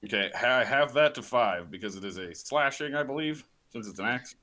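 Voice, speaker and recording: A man's voice: mid-range voice, animated, brisk, pushed and bright. A man playing a tabletop game, upbeat, counting out his dice rolls. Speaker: player. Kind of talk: casual tabletop play.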